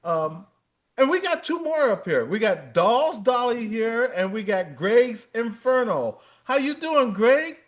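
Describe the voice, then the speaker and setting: Man, livestream host, joking, teasing, laughs a lot, very high voice, lively pitch. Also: measured pace. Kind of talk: casual livestream chat.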